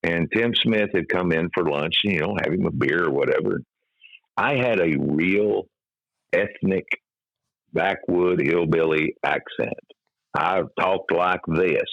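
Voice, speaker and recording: Middle-aged guy from kentucky, deep gravelly radio voice, kinda dull dry sound. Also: measured pace, dry recording. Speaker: guest, comic hypnotist and former radio DJ. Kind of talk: casual interview storytelling.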